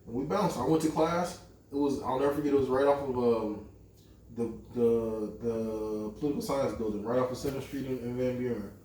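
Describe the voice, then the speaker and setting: Young man, casual storyteller, mellow tone, roomy echo, mic set back. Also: medium pitch, a little fast, slight background noise. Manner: animated, profane storytelling with lots of quoted dialogue. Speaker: podcast co-host. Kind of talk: casual storytelling among friends. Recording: echoey room, mic at a distance.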